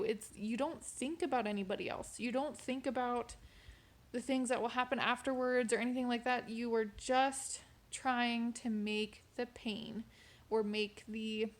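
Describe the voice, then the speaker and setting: A young woman sharing a personal testimony in a vlog, in a fairly high voice. She talks in a candid, casual way and leans on conversational fillers. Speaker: vlogger sharing a personal faith story.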